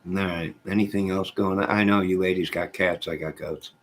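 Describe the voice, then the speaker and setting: A man's voice: low-pitched, steady tone, normal speed. A man hosting a casual livestream from home, joking and teasing viewers by name as he reads the chat. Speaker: livestream host reading chat. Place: at home with goats nearby.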